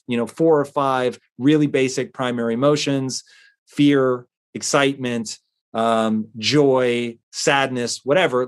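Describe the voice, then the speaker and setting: Male talk-show host, mid-pitched, casual and earnest, explaining with lots of fillers. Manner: conversational, with frequent fillers and restarts. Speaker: host answering a listener letter.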